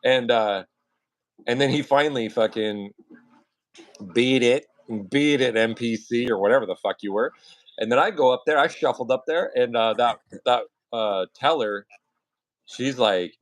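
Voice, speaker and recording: A man's voice: mid-range voice, moderate pace, dry recording. A man hosting his own livestream, telling stories in casual, profane chat and acting out the people he quotes. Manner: profane, animated storytelling with acted-out quotes.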